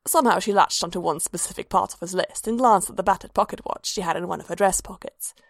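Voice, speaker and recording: A woman narrating a fan fiction story aloud in an even, measured way. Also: lowish voice, no echo, clean studio sound.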